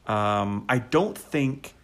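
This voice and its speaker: An enthusiastic male podcast co-host chatting casually, his voice swinging widely up and down in pitch. He laughs easily and fills his sentences with "like.". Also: very slow. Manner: animated and enthusiastic, laughing often; frequent fillers such as "like". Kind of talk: casual chat.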